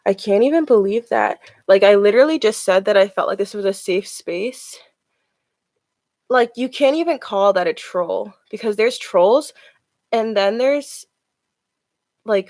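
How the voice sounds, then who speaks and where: A woman talking casually on a live stream while she reads tarot cards. She is chatty and loose, with "like" dropped all through her speech. Her voice is mid-pitched and sounds dry and close, with no room echo. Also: a little mellow. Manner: chatty, with many "like" fillers.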